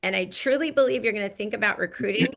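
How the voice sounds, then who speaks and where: Woman host, enthusiastic motivational caller, bright voice with heavy vocal fry. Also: mid-range voice, fast talker. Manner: enthusiastic, effusive. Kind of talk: motivational business call.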